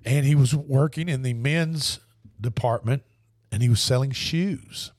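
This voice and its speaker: A man's voice: medium pitch, a little slow, darkish tone, dry recording, clean studio sound. Rambling sports radio man. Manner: rambling storyteller with restarts. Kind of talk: casual sports talk.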